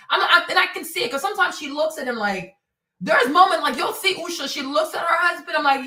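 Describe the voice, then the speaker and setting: A woman's voice: sits high, lively intonation, fast talker, bright, forceful tone, recorded from a distance. A woman hosting her own show, delivering an emphatic, sarcastic commentary rant that keeps repeating itself, recorded somewhat off-mic in an echoey room. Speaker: show host. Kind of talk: uncensored political commentary rant.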